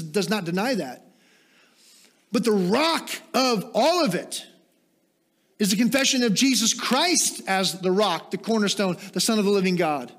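A man preaches as pastor in a high-sitting voice, raising rhetorical questions. His sermon turns to quiet, explanatory teaching, with small self-deprecating asides along the way.

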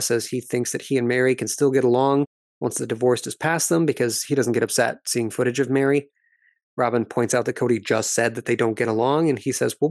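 A man hosting a podcast, recapping reality TV footage in a wry, measured, analytical way. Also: mid-range voice, a little mellow, dry recording, studio quality. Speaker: podcast host and commentator.

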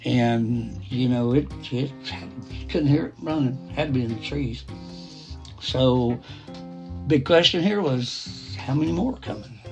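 A man's voice: mid-range voice, expressive, a little slow, vocal fry, lo-fi sound. A middle-aged man narrating a first-person story, rambling with restarts and asides. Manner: quoting others in a plain voice. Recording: soft guitar music behind.

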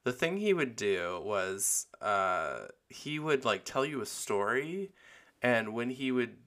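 A man's voice: medium pitch, sing-song, slow, fairly bright tone. A young man hosting his own podcast, chatting candidly with lots of fillers and giggles. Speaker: podcast host. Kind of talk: casual solo podcast chat.

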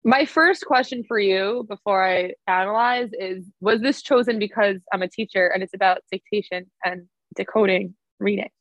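A woman in her twenties speaks casually as a podcast guest, filling her thoughts with "um" and "like". Her voice sits at an ordinary middle pitch. The sound is dry and close, with no room around it. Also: moderate pace, few pauses, a bit bright, dry recording, highs cut off. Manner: chatty, many fillers like "um" and "like". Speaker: elementary school teacher, podcast guest.

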